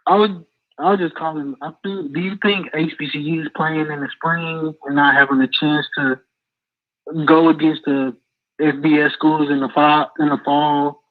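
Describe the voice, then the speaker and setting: A man's voice: a little high, steady tone, normal speed. A man calling into a talk show, asking a question in a hesitant, plain way. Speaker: caller. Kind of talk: call-in question. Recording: tinny phone line.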